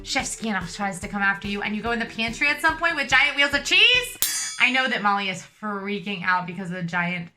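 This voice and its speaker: A woman's voice: mid-range voice, big pitch swings, brisk, pushed and bright, faint music behind. A woman hosting a casual panel chat in a playful, jokey way. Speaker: host.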